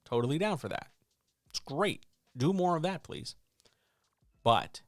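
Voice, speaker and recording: A man's voice: fairly high pitch, expressive, a little slow, pauses often, no echo, clean studio sound. A man coaching writers in a casual, emphatic way, often asking rhetorical questions. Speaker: writing coach and editor. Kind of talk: casual instructional talk.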